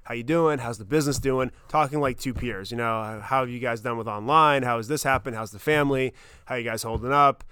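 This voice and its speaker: A man in his thirties hosting a podcast, telling a personal story in a casual, excited way, swearing often and getting choked up. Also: medium pitch, brisk, smooth, no echo, clean studio sound. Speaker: podcast host.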